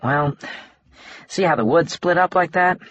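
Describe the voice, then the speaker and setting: A man's voice: fairly high pitch, unhurried, fairly bright tone, dry recording, muffled recording, pitched above the performer's own voice. A man voicing a know-it-all male maple tapping specialist, explaining step by step.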